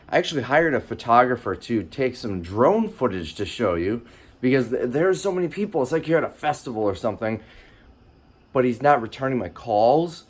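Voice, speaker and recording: Chatty self-mocking man vlogging. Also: mid-range voice. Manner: chatty, self-mocking, jumps between excitement and asides. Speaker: reseller vlogger. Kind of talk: casual vlog talk to camera. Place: in his car and at outdoor garage sales.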